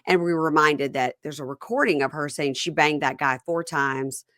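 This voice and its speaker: A woman hosting a casual chat, retelling scenes and acting out quotes, often leaping into high, sarcastic lines. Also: normal speed, no room sound, clean studio sound. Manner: animated retelling, acts out quotes with sudden high sarcastic jumps. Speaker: podcast host recapping a reality show.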